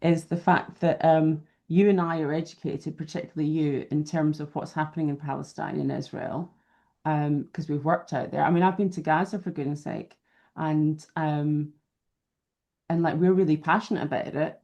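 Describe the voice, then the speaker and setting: Low, mellow woman co-host. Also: fairly even intonation, moderate pace. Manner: supportive, frequent agreeing murmurs. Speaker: podcast co-host. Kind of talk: casual chat.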